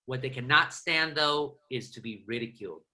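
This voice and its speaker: A man from Southern California, a journalist guest on a podcast, talking in a fast, animated storytelling way. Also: medium pitch. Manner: animated, rapid storytelling with restarts. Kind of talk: casual interview chat.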